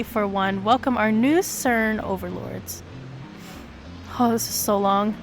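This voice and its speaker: Woman, fairly high voice, reading a visual novel aloud, animated delivery, faint hiss behind. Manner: animated reading with sudden high excited jumps.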